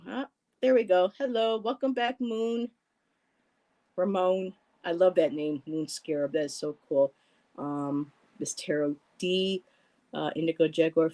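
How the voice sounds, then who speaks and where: A woman's voice: low voice, mellow, rough recording. A woman hosting a casual livestream, reading viewer comments aloud and greeting people by name, with frequent ums and restarts. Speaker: livestream host.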